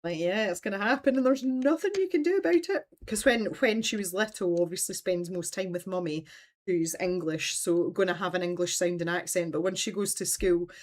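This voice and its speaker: A woman's voice: fairly low pitch, steady tone, brisk. A woman with a Scottish accent hosting a casual livestream from home, talking in a rambling, chatty way and laughing often. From Scotland. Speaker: livestream host.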